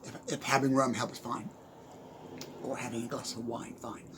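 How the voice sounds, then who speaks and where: A man talking casually into the camera from his desk at home, giving unscripted motivational advice, chatty and quick to laugh. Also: medium pitch, level tone, noisy background. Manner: chatty, laughs often, repeats "okay?". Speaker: motivational speaker.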